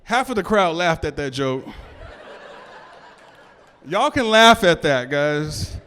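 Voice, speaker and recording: A man's voice: on the high side, big pitch swings, slow, pushed and bright, slight background noise. A man performing a stand-up set on a club stage, talking loosely with stammered restarts and asides to the crowd. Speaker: stand-up comedian. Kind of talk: stand-up set before a live audience.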